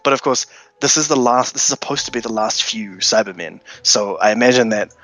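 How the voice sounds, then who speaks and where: A man co-hosting a podcast in casual chat, talking haltingly with frequent stumbles and restarts. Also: mid-range voice, a bit bright, low-quality recording. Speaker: podcast co-host.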